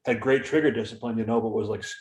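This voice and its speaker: A man's voice: fairly low pitch, steady tone, racing. A man co-hosting a casual podcast, telling stories in a joking way. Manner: joking storyteller. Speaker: podcast co-host. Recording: roomy echo.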